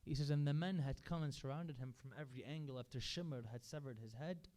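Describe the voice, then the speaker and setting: With a warm, mid-range voice and a brisk pace, a man gives a sermon as a majlis speaker in a religious center hall. He earnestly relates stories, quoting what people said.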